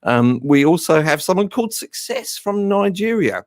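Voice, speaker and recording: A man's voice: high-pitched, very animated, normal speed, dry recording, studio quality. A man hosting a live stream with an English-tinged Australian accent, talking in a casual, rambling, self-deprecating way. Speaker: host.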